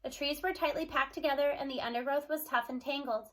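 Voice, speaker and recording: A woman reading a children's book aloud in a bright, high voice. Her storytelling is expressive and steady, chapter by chapter. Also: quick pace. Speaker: reader.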